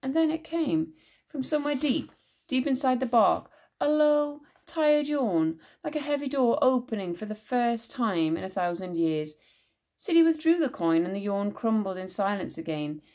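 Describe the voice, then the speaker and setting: A woman teacher reading a children's book aloud with expressive storytelling narration. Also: a little high, moderate pace.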